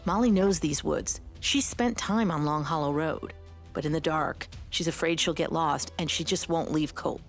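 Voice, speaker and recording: A woman co-host giving scripted true crime narration in a measured, dramatic storytelling way. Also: low-pitched, soft background music. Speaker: podcast co-host.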